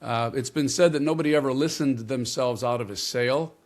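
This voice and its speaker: A man as an interview guest, explaining communication ideas in a measured way and stressing key words. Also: medium pitch. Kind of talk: interview conversation.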